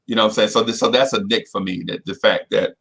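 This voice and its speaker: A middle-aged man, a podcast co-host, telling a story in casual chat. He talks in an animated way, often repeats himself and keeps saying "you know what I'm saying". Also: fairly low pitch, quick pace, vocal fry, low-quality recording.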